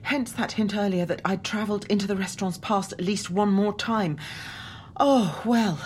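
A woman's voice: medium pitch, normal speed, a little hiss or hum, natural voice. An actress playing a loyal female companion who speaks earnestly and with passion. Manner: earnest, impassioned.

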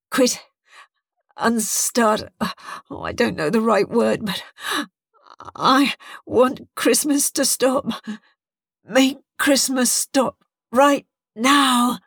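A woman's voice: on the low side, animated, takes it slowly, no room sound. A woman voicing a weary, sardonic woman adventurer in a dry, grudging tone. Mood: faint. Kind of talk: audiobook character voice.

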